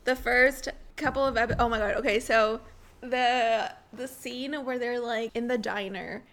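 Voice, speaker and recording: A young woman in casual podcast chat with a very high voice. She talks excitably and laughs a lot as she recounts things. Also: measured pace. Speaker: podcast co-host.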